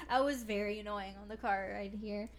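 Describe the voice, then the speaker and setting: A woman's voice: mid-range voice, a little hiss or hum. A woman co-hosting a podcast in casual chat, goofy and playful, slipping into joking bro talk.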